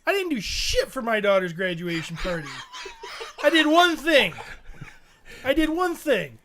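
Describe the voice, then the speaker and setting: A man's voice: very high-pitched, sing-song, unhurried, pushed and bright, slight background noise. A middle-aged man co-hosting a podcast, ranting profanely in casual chat. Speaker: podcast co-host.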